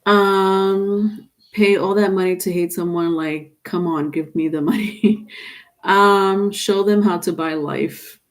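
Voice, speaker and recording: A woman's voice: mid-range voice, steady tone, slow. A woman doing a live-stream tarot reading, chatting casually and reading viewer comments aloud. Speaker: tarot reader.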